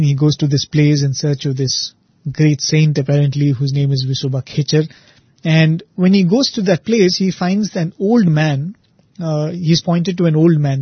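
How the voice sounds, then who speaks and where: A man retelling a devotional saint story in a relaxed, conversational way, often pausing with "you know" and "uh". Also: fairly high pitch, husky, dry recording, highs cut off. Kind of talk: spiritual storytelling talk.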